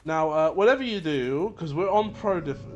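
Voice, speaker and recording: A man's voice: on the high side, expressive, normal speed, lo-fi sound, music in the background. A man streaming a video game and rambling in casual, laughing commentary. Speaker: gameplay streamer. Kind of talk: casual let's-play commentary.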